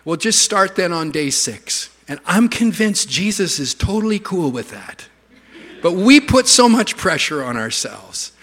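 A middle-aged Canadian pastor preaches a sermon in church, his high voice carrying a big-room sound. He talks a little slowly, telling funny stories in a lively, humorous way.

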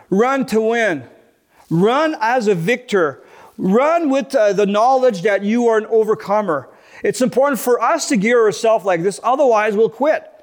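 A middle-aged male pastor preaching an earnest sermon, often repeating and restarting his words. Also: high-pitched.

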